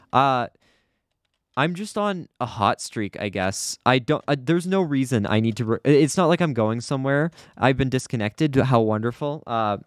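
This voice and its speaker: A man's voice: mid-range voice, dry recording, studio quality. A young man giving casual, chatty commentary over his own gameplay, often flustered and poking fun at himself. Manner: chatty, self-deprecating, easily flustered. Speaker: gaming YouTuber.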